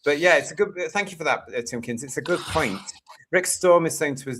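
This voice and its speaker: A man's voice: on the high side, animated, moderate pace, fairly bright tone. A man from the UK hosting a casual live stream, reading out viewer comments with exasperated, sarcastic asides. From United Kingdom. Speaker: live-stream show host.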